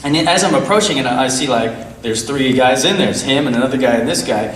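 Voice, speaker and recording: A man telling a story on a stream in a lively way, laughing and acting out what people said. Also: mid-range voice, quick pace. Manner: animated, laughing, acting out quotes. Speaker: guest. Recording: roomy, distant mic, faint noise.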